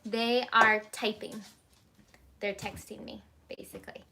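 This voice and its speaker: A woman's voice: fairly high pitch, level tone, unhurried, creaky, noisy background. A woman in her thirties hosting a live baking stream from a small home kitchen on her phone, chatty, greeting viewers by name and stopping to tell her kids what to do. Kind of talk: casual live-stream chat.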